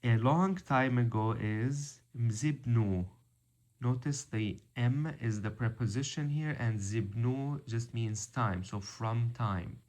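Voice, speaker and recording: Man, language teacher, very slow pace, repeats words carefully. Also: medium pitch, a little mellow. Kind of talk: vocabulary lesson.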